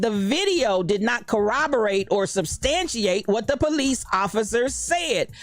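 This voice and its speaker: A woman's voice: sits high, no echo. A woman from Kansas City hosting a podcast livestream, talking with passion about current events and greeting people in the live chat. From Kansas City, USA. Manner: passionate, preachy, talks back to live chat. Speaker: podcast host.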